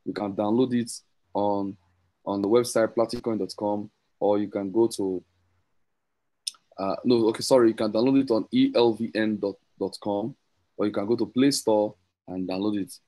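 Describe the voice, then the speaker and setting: Man, rambling excited promoter, repeats himself, online call mic. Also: on the low side, moderate pace, low-quality recording. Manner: rambling, repetitive, self-correcting, teasing. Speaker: crypto promoter hosting a group call. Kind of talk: excited sales pitch with screen share.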